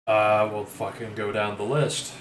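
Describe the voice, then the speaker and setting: Slow-talking man running a tabletop game. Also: fairly low pitch, level tone. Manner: loose, profane, stop-start. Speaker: game master. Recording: echoey room with faint noise.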